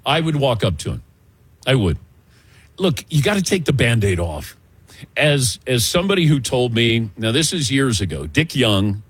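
An older man hosts a sports talk show, his voice husky and swinging widely up and down as he tells stories. He laughs easily, and the sound is close and dry, with no room in it. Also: mid-range voice, no echo. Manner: animated storytelling, laughs often. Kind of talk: casual sports radio chat.

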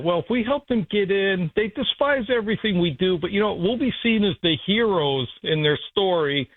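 A male guest on a talk radio show, speaking in a measured, musing way and offering his views as tentative theories. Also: high voice, dry recording. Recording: dry tinny phone line.

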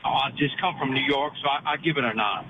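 A man's voice: medium pitch, fast talker. A male caller, eager and full of blessings for the host. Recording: tinny phone line with loud road noise.

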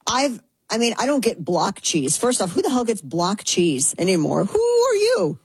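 A woman's voice: mid-range voice, lively intonation, normal speed, husky, no room sound, low-quality recording. A woman hosting a talk show in a chatty, sarcastic way, often slipping into mocking voices. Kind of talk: casual commentary.

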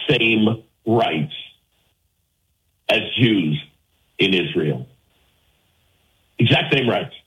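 A man's voice: medium pitch, fairly bright tone, poor audio. A man hosting a call-in radio show, arguing his point emphatically and firing rhetorical questions at his listeners. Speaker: talk radio host.

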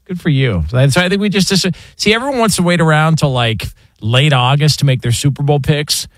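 A man's voice: a little high, a little fast, no room sound. A man hosting a sports radio show, steering the talk and reading betting odds and affiliate announcements. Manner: smooth broadcast delivery, reads sponsor and affiliate notes.

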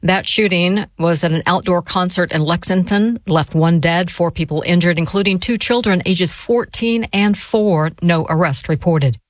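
A woman anchoring a radio news bulletin, reading crisply and evenly from a script. The sound is close and dry, with no room around it. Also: lowish voice, normal speed, few pauses, no echo. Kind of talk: scripted newscast.

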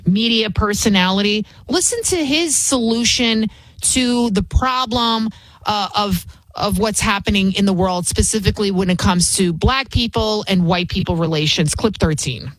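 A woman's voice: medium pitch, normal speed, no echo, rough recording. A woman hosting a political opinion show, scornful and heated. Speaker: political commentary host. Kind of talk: opinion commentary.

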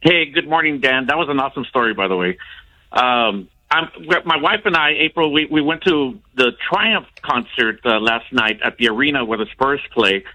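A man calling in to a sports radio show, explaining a point haltingly with repeats. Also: medium pitch, expressive, bright, forceful tone, low-quality recording. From San Antonio area, United States. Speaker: caller. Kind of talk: casual call-in chat.

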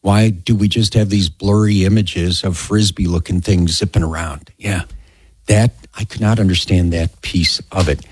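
A man with a deep, slightly husky voice hosts a radio call-in show. He talks in a relaxed, conversational way, full of "yeah"s. The studio sound is dry and close. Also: normal speed, no room sound. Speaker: radio talk host. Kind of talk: talk radio chat.

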